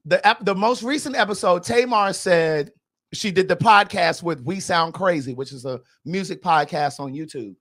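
A man's voice: high-pitched, moderate pace, a bit bright. A man hosting a podcast, giving blunt, sassy, gossipy commentary in a casual chat. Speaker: podcast host.

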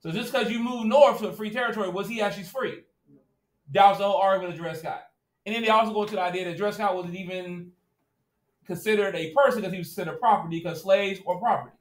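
This male teacher speaks quickly in a high voice, lecturing casually and directly while regularly checking that his class is following along. Recorded in an echoey classroom, he's at times far from the mic.

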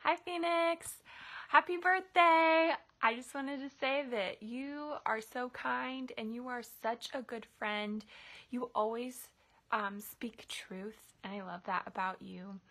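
A woman with a fairly high voice speaks sweetly and earnestly. Her talk is plain and friendly. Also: steady tone, takes it slowly, bright, forceful tone. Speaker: friend giving birthday wishes. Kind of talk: recorded video message.

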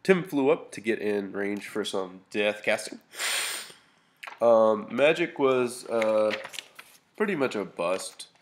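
A man's voice: lowish voice, lively intonation, takes it slowly. A man, a bit sniffly, casually narrating a tabletop battle report over photos, with lots of fillers and restarts. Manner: casual, many fillers and restarts, dry humor. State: a little sniffly. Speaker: hobby gamer reporting a battle.

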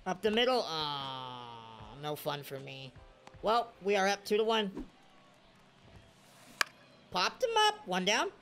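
Excitable young man with a lively voice. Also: on the high side, measured pace, music in the background. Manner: excitable, swings from mutters to shouts. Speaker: gaming video creator. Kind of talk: live gameplay commentary.

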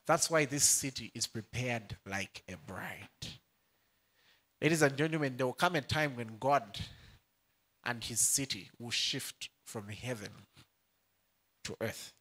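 A young man preaches from the pulpit in a bright, ringing voice that swings widely up and down. He takes his time over each phrase, joking and calling out to the congregation as he reads scripture. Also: medium pitch. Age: young adult. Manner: playful, laughs often and calls out to the congregation. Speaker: pastor. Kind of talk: sermon.

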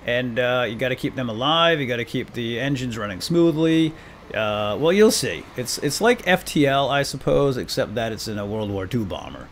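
A man in the middle of his range talks viewers through a game in an easygoing, self-deprecating way. Every so often he shouts mock commands at the crew on screen. Faint room ambience sits behind his voice. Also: mid-range voice, animated, normal speed, a little hiss or hum. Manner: chatty and self-deprecating, addressing viewers directly. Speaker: gaming channel host. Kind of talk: let's play commentary.

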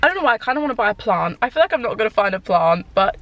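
Woman, lifestyle vlogger type, chatty and excitable, talking from her car at a mid pitch. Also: very fast, highs cut off. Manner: chatty and excitable, lots of "like" fillers. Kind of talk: casual vlog chat to camera. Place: inside a parked car.

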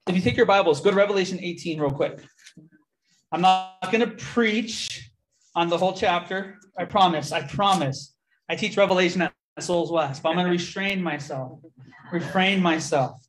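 A young man giving a testimony in a church, telling his story with lively quoted dialogue. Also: high voice, moderate pace. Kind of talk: testimony sermon.

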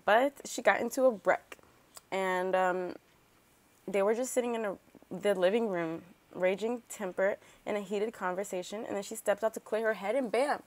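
A woman's voice: medium pitch, moderate pace. Chatty woman narrating a life-sim game. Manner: chatty, filler-heavy, rambling asides; animated, talks back to game characters. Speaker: let's play host. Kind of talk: casual gameplay commentary.

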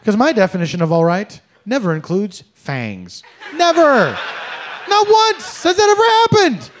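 A middle-aged man performing a stand-up comedy set on a club stage, with an animated, exaggerated, mock-polite delivery. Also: sits high, unhurried, slight background noise.

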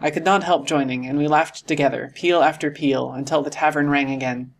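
A man reading a classic adventure novel aloud in a steady storytelling manner. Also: on the high side, fairly quick. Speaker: audiobook narrator. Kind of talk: scripted narration.

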